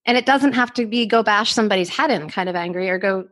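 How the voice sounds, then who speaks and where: A woman's voice: mid-range voice, fast talker, fairly bright tone. A woman hosting a casual podcast, asking reflective questions and giving brief affirmations. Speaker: podcast host.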